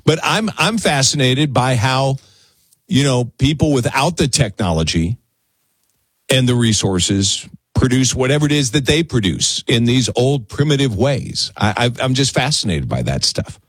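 Speaking at normal speed in a medium, slightly rough voice, a man hosts a casual radio talk show through a studio broadcast mic with no room sound. His style is conversational, and he tends to stammer and repeat himself when he gets excited.

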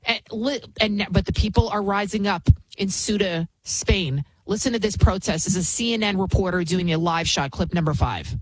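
Indignant woman host with a husky voice. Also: mid-range voice, low-quality recording. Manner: indignant, scornful, rapid with frequent restarts. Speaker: political commentary host. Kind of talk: opinionated commentary monologue.

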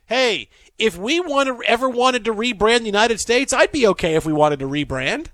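A man hosting a sports radio show in a studio, talking in animated banter and laughing often. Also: extremely high pitch, normal speed, dry recording. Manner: animated, laughs often, acts out quoted voices.

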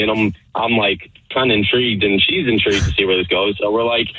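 A man's voice: lowish voice, fairly even intonation, a little fast, breathy edge, no room sound. A man calling in to a radio show, telling an amused story over the phone. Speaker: caller. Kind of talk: phone-in chat. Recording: lo-fi phone line.

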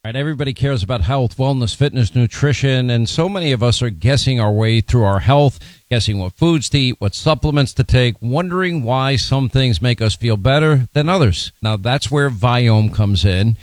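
A man reading an ad in a brisk, upbeat way. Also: medium pitch, no echo. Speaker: host reading an ad. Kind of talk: read advertisement.

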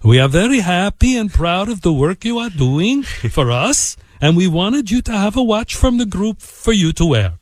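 A man doing an Italian-accented impression of a courteous male executive, speaking slowly and graciously. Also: high-pitched, sing-song, no room sound, voice pushed up. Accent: put-on Italian.

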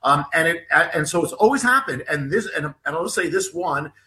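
A man's voice: fairly high pitch, lively intonation, brisk, bright, forceful tone. A man guesting as an author on an interview show, telling a personal story in a rambling way with many restarts and repeated words.

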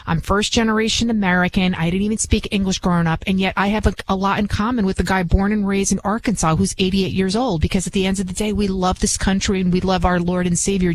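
A woman's voice: medium pitch, slight background noise, poor audio. A woman with a thick Bronx accent holds forth on talk radio, chatty and emphatic, often restarting her sentences. Her voice sits in a middle register. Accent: Bronx, New York. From New York. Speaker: guest radio host.

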